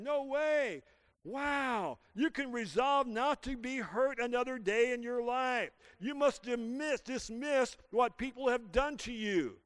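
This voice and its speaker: Male pastor mid-sermon, high and smooth voice, dry close sound. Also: a bit bright, no echo. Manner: preaching with call-and-response to the congregation. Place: church.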